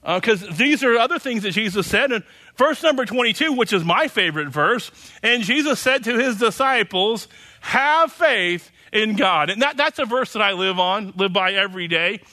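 A man's voice: sits high, animated, a little fast, bright, forceful tone. A man preaching a sermon as pastor, emphatic and repetitive, often tossing in "you know".

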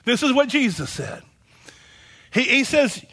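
A man's voice: very high-pitched, sing-song, a little slow, a bit bright. A man preaching a sermon as pastor, emphatic and repetitive, often tossing in "you know".

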